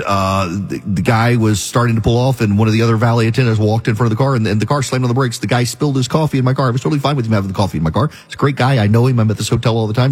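A man hosts a talk radio show, arguing his opinions in a long, emphatic monologue. His voice is somewhat husky and sits at an ordinary middle pitch for a man. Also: darkish tone.

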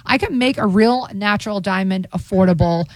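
A middle-aged woman from England, a jewelry store owner chatting on a talk show, animated and persuasive. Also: brisk, no echo. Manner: animated, persuasive, sales pitch. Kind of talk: casual chat.

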